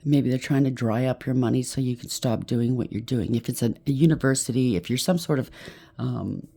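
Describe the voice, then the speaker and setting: A woman's voice: a bass voice, a little fast, creaky, warm tone, slightly rough. A woman giving a rambling, chatty collective tarot reading, preaching and thinking aloud with frequent asides. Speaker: tarot reader.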